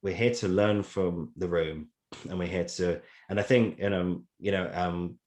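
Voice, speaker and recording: A man with a very low, deep voice hosting a podcast. He rambles casually with many fillers and chuckles between his points. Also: steady tone, unhurried, a little mellow. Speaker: podcast host. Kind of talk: casual interview chat.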